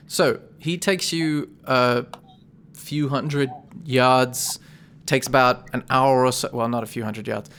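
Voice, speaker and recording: Man running a tabletop game, chatty. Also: mid-range voice. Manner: relaxed, chatty, corrects himself. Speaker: game master.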